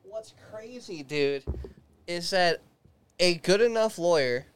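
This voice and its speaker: A young man with a slightly high, smooth and clean voice, chatting loosely on a podcast. He swears casually, gets animated and laughs between points. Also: slow pace. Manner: profane, animated, laughs a lot. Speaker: podcast co-host. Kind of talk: casual chat.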